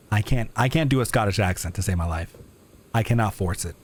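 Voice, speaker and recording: A man's voice: on the low side, fairly quick, a little hiss or hum. A young man streaming a game live, chatting in self-mocking asides as he plays. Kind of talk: live gameplay commentary.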